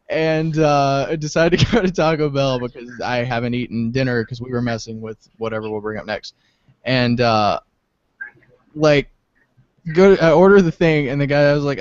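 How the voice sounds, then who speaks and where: Young guy on a podcast, kinda high voice, tells stories all excited, muffled lo-fi audio. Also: dry recording. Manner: animated storytelling, laughs often. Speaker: podcast co-host. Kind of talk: casual chat. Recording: dull low-fi sound.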